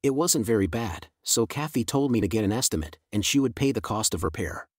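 A man voicing a sad, apologetic middle-aged woman on the phone in a slow, plain way. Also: on the low side, lively intonation, slightly rough, dry recording, clean studio sound.

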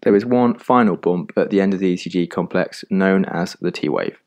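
A man narrating an animated medical lesson in a calm, measured, scripted voice-over, recorded close on a studio mic. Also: low voice. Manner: calm, measured explanatory delivery.

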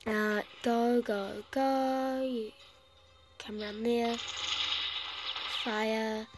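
A woman's voice: on the high side, fairly even intonation, drawn-out words, faint music behind, low-quality recording. A woman with a cough, casually commenting on her own strategy game play and rambling to herself with many fillers. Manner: rambling, self-talking, trailing off with fillers. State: sick with a cough. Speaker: gameplay commentator.

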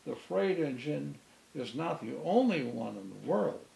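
A man doing an excited toy clown. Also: a little slow, vocal fry, reverberant, heavily acted, low-quality recording. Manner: high, excited calls. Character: cheerful little toy clown.

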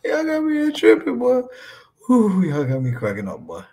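A man's voice: high-pitched, huge pitch swings, normal speed, darkish tone. A man co-hosting a live stream in casual chat, laughing and teasing as he reads out viewer comments and ends lines with "boy". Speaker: co-host of a wrestling live stream.

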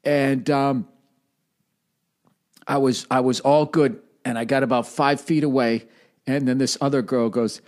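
A man's voice: medium pitch, fairly even intonation, a little slow, pauses often, a little mellow. Profane self-mocking man in his forties. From United States. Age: 40s. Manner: profane, rambling, self-deprecating. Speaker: comedian podcast host. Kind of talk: casual comedic storytelling monologue.

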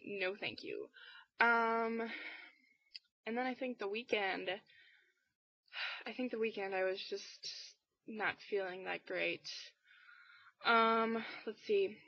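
Tired teen girl vlogger, rambly and low-key, full of fillers, dry muffled webcam sound. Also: no echo. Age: teens. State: tired and under the weather. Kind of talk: casual weekly vlog chat. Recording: dull, dry lo-fi webcam audio.

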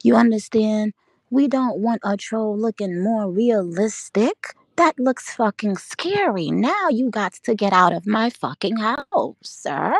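A woman chatting casually and profanely on a livestream, rambling, laughing often and talking with animated energy. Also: medium pitch, slow, vocal fry, no echo, clean studio sound. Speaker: livestream host. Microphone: audio livestream from home.

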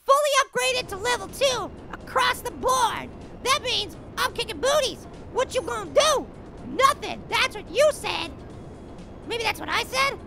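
A woman voicing a tiny, childlike cartoon apple who gives giddy gameplay commentary, laughing a lot and shouting silly catchphrases at the game. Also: extremely high pitch, big pitch swings, measured pace, gravelly, full character voice. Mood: excited. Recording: game music playing behind the voice. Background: game music and sound effects.

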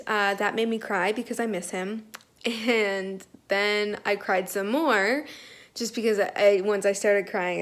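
A woman's voice: mid-range voice, dry recording. A young woman talking frankly and with exasperated self-mockery in a casual daily vlog, filmed on her phone while out and about. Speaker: vlogger. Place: outdoors and on the go.

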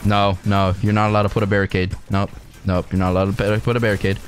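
A man commenting casually on his own online match, excitable and jokey, yelping at surprises. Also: on the low side, fast. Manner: excitable, jokey, laughs often and yelps at surprises. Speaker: gaming channel host.

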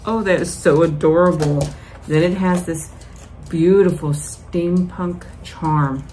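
A woman vlogger opening fan mail, gushing and excited as she talks straight to her viewers. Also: on the low side, takes it slowly, slight background noise. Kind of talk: casual mail-opening vlog.

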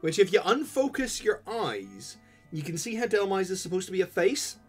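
A man co-hosting a casual livestream, joking quickly and swearing casually. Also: sits high, sing-song, slightly rough, faint music behind. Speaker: co-host.

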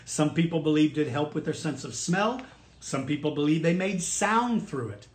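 A man's voice: on the high side, expressive, moderate pace. A man giving an online lesson for children, talking to them directly with enthusiasm. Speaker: dinosaur educator. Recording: roomy echo.

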